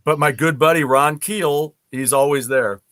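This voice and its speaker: A man hosting a casual chat, relaxed, giving short replies and telling his own anecdote. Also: on the high side, normal speed, no echo. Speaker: podcast host.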